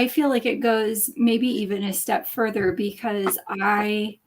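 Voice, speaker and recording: A woman in a casual video call chat who speaks haltingly, often repeating herself as she searches for words. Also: medium pitch, darkish tone. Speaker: writing group member.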